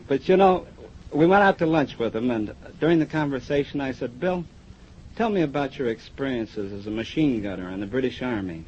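A man's voice: mid-range voice, fairly quick, a little mellow. A man, a judge, presenting an award in a genial, joking tribute speech on the radio. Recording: dull 1950s radio broadcast with faint hiss.

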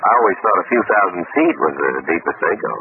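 A man's voice: low-pitched, lively intonation, fast, narrow, tinny audio. A man playing the skeptical straight man in a 1930s radio comedy dialogue, teasing his partner with dry questions. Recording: scratchy 1930s radio broadcast.

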